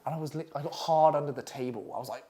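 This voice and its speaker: A man's voice: on the high side, dark tone. A young man teaching copywriting in a blunt, crude, constantly swearing casual manner. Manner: crude, blunt and swearing constantly, acting out clients in quick asides. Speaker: copywriting coach. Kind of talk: profane casual masterclass talk.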